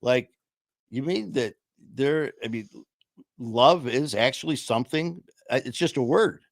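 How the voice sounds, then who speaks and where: A middle-aged man co-hosting a podcast, talking candidly and earnestly about recovery, mocking himself with quick acted-out quotes. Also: mid-range voice, gravelly, no room sound. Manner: earnest, self-mocking, acts out his past self in quotes. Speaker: podcast co-host.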